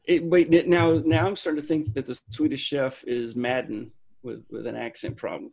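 Man, blunt casual podcast talk, gravelly and raspy. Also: fairly high pitch, moderate pace, few pauses, a little mellow. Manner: blunt, swears freely. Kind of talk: casual chat.

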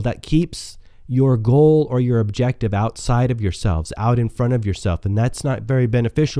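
A man with a scratchy voice hosts a motivational podcast, speaking earnestly and often restarting his sentences. His tone is very dark and mellow, and the recording is close and dry with no room sound. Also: medium pitch, dry recording. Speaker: podcast host. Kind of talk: solo self-help podcast talk.

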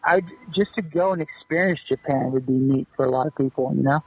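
A man with a mid-range, slightly breathy voice talks a little fast in a casual podcast interview. As a guest and former pro baseball player, he tells loose, animated stories of his playing days, full of fillers. The recording is rough but has no echo.

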